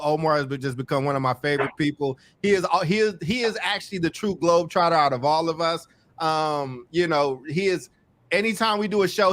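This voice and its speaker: A man hosting a podcast in casual chat, warm and effusive, often repeating and stumbling over words. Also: on the high side. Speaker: podcast host.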